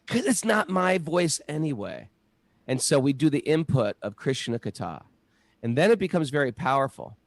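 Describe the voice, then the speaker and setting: A middle-aged man talking casually about spiritual practice, an animated storyteller who acts out the voices in his stories. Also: mid-range voice, no echo. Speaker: podcast co-host.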